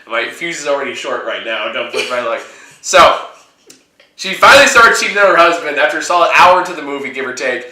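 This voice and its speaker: A man with a very bright, forceful voice rants about movies between bursts of laughter, swearing freely. He sits fairly high in pitch for a man. His voice bounces around an echoey room. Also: lively intonation, brisk. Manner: laughing, ranting, profane. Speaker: host. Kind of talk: casual movie review chat.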